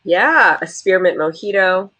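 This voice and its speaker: A woman's voice: lowish voice, animated, a little slow, bright, forceful tone. A woman hosting a casual livestream, chatting in a bubbly, giggly way. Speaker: livestream host.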